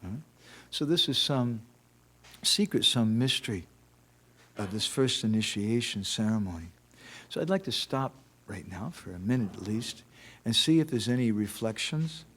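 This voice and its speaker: A man's voice: on the low side, expressive, moderate pace, fairly bright tone, breathy edge. Man, temple lecturer; conversational devotional talk with stories and rhetorical questions. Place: temple hall.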